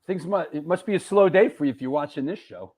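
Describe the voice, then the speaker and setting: A man from New York hosting a live show, chatting casually, joking and giving shout-outs to viewers. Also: on the high side, fast talker. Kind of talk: casual live-stream chat reading viewer comments.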